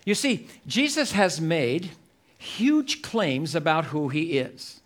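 Guy preaching a sermon in church, takes his time, kinda higher voice, leans hard on repeated lines. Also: sing-song, fairly bright tone. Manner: slow, emphatic, repeats key phrases for effect. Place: church service.

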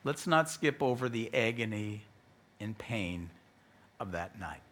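A male pastor with an American accent preaching a sermon, telling the story with animated delivery and acted-out voices. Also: fairly low pitch, a little slow. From United States.

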